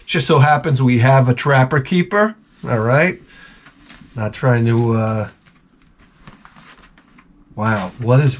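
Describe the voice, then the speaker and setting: A man vlogging as he opens fan packages, talking in a rambling, excitable way and swearing freely. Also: mid-range voice, takes it slowly, long pauses, slight background noise. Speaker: vlogger opening fan mail. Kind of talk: casual unboxing chat. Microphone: camera mic.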